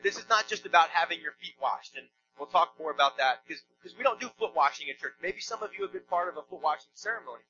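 A man's voice: a little high, dull audio, background noise. A man preaching a sermon in a church, conversational and emphatic, with joking asides. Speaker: pastor.

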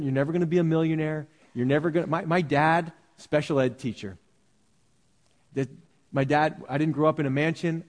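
A man's voice: mid-range voice, darkish tone. A man preaching a sermon as a pastor, talking conversationally and animatedly with restarts and jokes. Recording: reverberant hall.

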